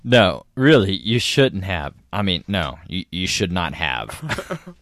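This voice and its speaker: A man co-hosting a podcast, throwing in dry, deadpan jokes and asides during casual chat. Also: low-pitched, slow pace, no echo. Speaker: podcast co-host.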